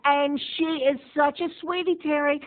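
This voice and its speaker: A man voicing his doting, churchgoing mother, sweet and eager, drawing out her words in a high sing-song, recorded with tinny phone-like sound. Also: fairly even intonation, natural voice. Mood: gushing. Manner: gushing, drawn-out sing-song.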